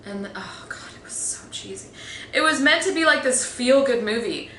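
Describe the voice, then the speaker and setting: This woman's movie review is casual and exasperated, wandering along with many fillers and false starts. Her slightly high voice is expressive, bright and forceful at a moderate pace; she's on a phone mic in an echoey room with faint ambience and slight background noise.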